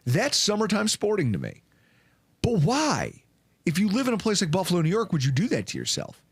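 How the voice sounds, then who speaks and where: A man hosting a casual sports podcast, his voice sitting a touch high and jumping around a lot as he tells animated stories. The sound is dry and close, with no room in it. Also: a little fast, husky, dry recording. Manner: animated storyteller, swings pitch for emphasis and quotes. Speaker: podcast host.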